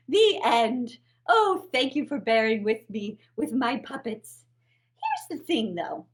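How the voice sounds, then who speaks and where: A woman reads a fairy tale to children with a playful, animated delivery, her pitch sweeping widely. She takes her time and sits high for a woman. It sounds like a home livestream. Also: a little slow. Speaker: children's storytime host. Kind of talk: reading a children's story with puppets.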